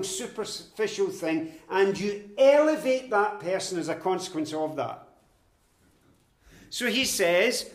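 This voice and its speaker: A man with a notably high voice teaches from Scripture in a measured, emphatic way. He slows down and presses on the quoted verses to stress them. The sound is roomy and echoing. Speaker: preacher. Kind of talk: expository Bible teaching.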